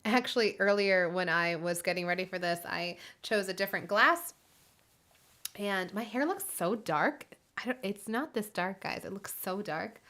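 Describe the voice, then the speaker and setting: A woman's voice: mid-range voice, normal speed, fairly bright tone. A woman hosting her own live music stream, chatting casually with viewers, giggly and full of fillers.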